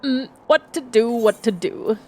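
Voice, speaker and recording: A woman reading aloud as a gruff male castle guard, sarcastic and dismissive. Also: a little high, animated, a little slow. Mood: wry. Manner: sarcastic, laughs at the traveler. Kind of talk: reading game dialogue aloud.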